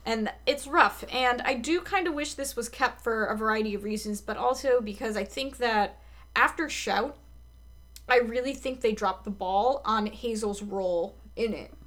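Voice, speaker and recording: Young adult woman, slightly high voice, casual recap podcaster, swears freely. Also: normal speed, a bit bright. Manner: frequent swearing and filler words. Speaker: podcast co-host. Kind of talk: casual episode recap chat.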